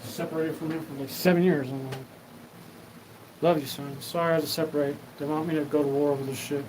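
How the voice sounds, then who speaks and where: A man's voice: fairly high pitch, steady tone, fast talker. Rambling profane man over background noise. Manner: profane, rambling, acts out quoted exchanges. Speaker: host. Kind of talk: rambling solo monologue.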